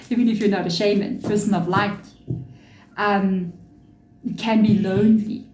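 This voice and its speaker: A woman's voice: medium pitch, mellow, reverberant, low-quality recording. A woman giving a chatty, earnest tarot reading to her viewers, with spiritual asides. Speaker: tarot reader.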